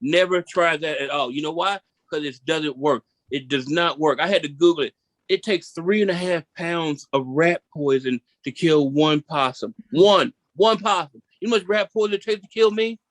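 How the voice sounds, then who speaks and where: A man from Memphis, performing a seated stand-up comedy set in an animated storytelling style and repeating punchlines for emphasis. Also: on the high side, moderate pace, no echo. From Memphis, Tennessee.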